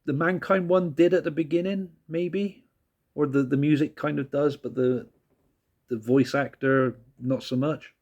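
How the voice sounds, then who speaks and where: A man's voice: a little high, steady tone, measured pace, a little mellow, highs cut off. A man casually reviewing music tracks, laid-back and rambling, who laughs often and swears casually.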